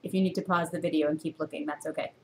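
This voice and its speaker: Expressive woman teaching a reading class. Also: racing, slight background noise. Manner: teacherly, full of rhetorical questions; expressive jumps in pitch for emphasis. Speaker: university reading instructor. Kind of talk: recorded classroom lecture. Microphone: camera.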